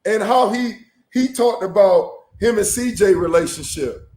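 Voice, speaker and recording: A man from South Florida co-hosting a casual sports talk show, animated and joking, often exclaiming. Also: sits high, unhurried, reverberant. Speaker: co-host.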